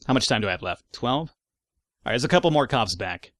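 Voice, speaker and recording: A man's voice: medium pitch, expressive, fast, a bit bright, dry recording, clean studio sound. A man giving casual gameplay commentary, reading in-game reports aloud between wry, sarcastic asides. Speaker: let's play gamer.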